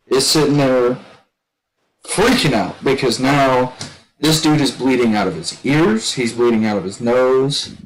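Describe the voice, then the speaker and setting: A man telling a long story in casual chat. He rambles and restarts a lot, and shouts when he quotes other people. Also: medium pitch, rough recording. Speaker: gaming streamer telling a story.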